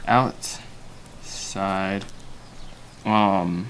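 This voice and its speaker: A man's voice: deep voice, fairly even intonation, drawn-out words, fairly bright tone, slight background noise. A young man hosting a casual livestream while storyboarding, thinking aloud with self-mocking asides and many fillers. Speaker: animator and livestream host.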